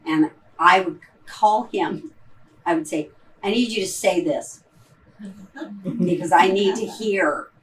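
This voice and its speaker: A woman's voice: lowish voice, slow pace, long pauses, recorded from a distance, low-quality recording. A woman with a Midwestern accent, an actress answering audience questions after a performance in a rambling, hesitant way full of ums and restarts. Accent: Midwestern American. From Ohio. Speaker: stage actress in a post-show talkback. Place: theater auditorium.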